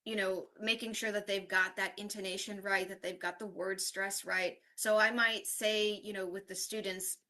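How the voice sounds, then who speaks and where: A woman with a bright voice gives a workshop talk to fellow teachers. She explains each point step by step and keeps checking in with her listeners. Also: medium pitch, level tone, normal speed, few pauses. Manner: explanatory, checks in with frequent "right?". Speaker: university English teacher presenting a workshop. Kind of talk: online conference workshop presentation.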